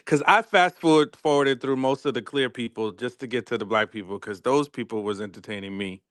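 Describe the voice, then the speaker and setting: Brief: male panelist, relaxed and joking, smooth resonant voice, casual review chat. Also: mid-range voice, moderate pace, dry recording, clean studio sound. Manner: laid-back, joking, laughs at his own lines.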